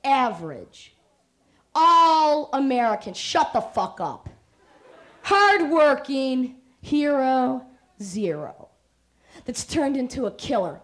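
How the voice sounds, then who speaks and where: A woman giving a confrontational spoken-word performance, swinging between sultry murmurs and defiant outbursts. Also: a little high.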